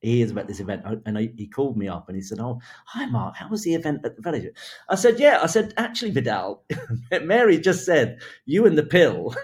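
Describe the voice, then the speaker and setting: A man's voice: medium pitch, big pitch swings, a little fast. A man, a hairdressing creative director, telling an anecdote in an interview, laughing between phrases and acting out the quotes.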